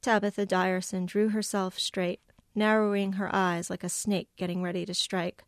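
A woman author reading a passage from her novel aloud, measured, lightly voicing the characters' lines. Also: mid-range voice, flat delivery, no room sound, studio quality. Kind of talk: literary reading.

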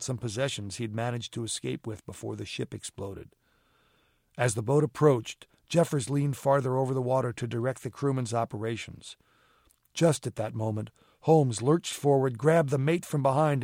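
A man narrating an audiobook with steady, even storytelling. His voice sits at a middle pitch for a man. The recording is close and dry, with no room sound. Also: normal speed, no echo. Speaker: audiobook reader. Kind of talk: scripted narration.

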